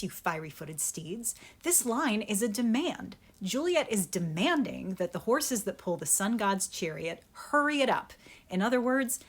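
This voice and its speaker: A young woman acting coach explains verse rhythm directly to the listener. Her pitch swings widely as she talks, and she punches out stressed syllables with emphatic energy. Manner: lively, emphatic, sounds out stress patterns. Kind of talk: explaining Shakespeare verse to camera.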